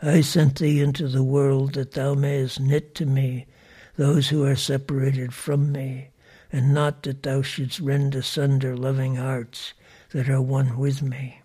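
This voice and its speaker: A man reading out the solemn, measured words of God in a slow, flat, husky voice. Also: medium pitch. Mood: grave. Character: grave, calm divine voice.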